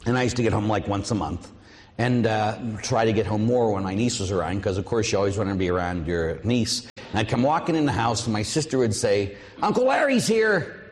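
A middle-aged man, a priest, preaching a sermon with lively storytelling and acted-out voices. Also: fairly low pitch, a little fast, long reverb tail. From Pittsburgh, USA.

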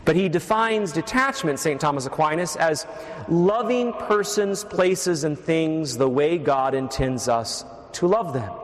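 A man's voice: on the high side, lively intonation, a little slow. A man preaching a sermon as a priest, teaching steadily with wry asides to the congregation. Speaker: Catholic priest. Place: church. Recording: echoey church reverb.

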